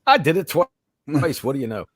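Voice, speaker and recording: A man's voice: on the high side, wildly swooping pitch, a little fast, noisy background. A man hosting a sports podcast in casual chat, his voice worn from cheering, rambling and swearing freely. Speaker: podcast host.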